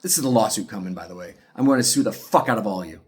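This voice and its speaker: A frustrated man from ranting to camera in a heated, profane monologue, swinging between shouting and tired muttering. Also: lowish voice, expressive, racing. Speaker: parent speaking out about a custody case. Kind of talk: angry ranting video monologue.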